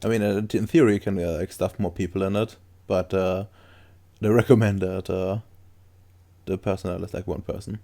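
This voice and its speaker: Man, game master, low pitch, gravelly fry, halting descriptions, tabletop game narration. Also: steady tone, dark tone. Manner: halting, searching for words while describing.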